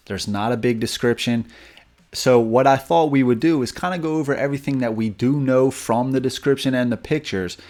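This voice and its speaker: A man's voice: medium pitch, a little mellow. A man hosting a board game channel, talking casually and enthusiastically with loose restarts. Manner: enthusiastic, rambling with fillers and restarts. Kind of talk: casual video review and speculation.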